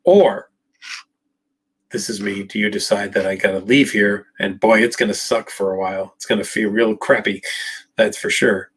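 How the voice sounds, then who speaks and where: Husky man answering live questions. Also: on the low side, fairly even intonation, normal speed. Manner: emphatic, talks straight to viewers by name. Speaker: psychologist answering viewer questions. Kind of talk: live Q&A, casual talk.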